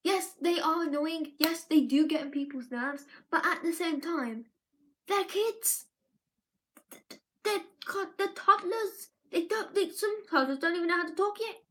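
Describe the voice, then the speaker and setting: A woman's voice: very high-pitched, unhurried, a bit bright. A young woman in a casual live-stream monologue, rambling and restarting her sentences often. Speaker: live vlogger.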